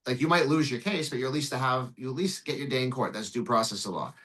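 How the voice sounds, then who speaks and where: Fast, bright-voiced male lawyer. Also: medium pitch, poor audio. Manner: animated, profane, acts out dialogue. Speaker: immigration lawyer. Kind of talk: podcast interview storytelling.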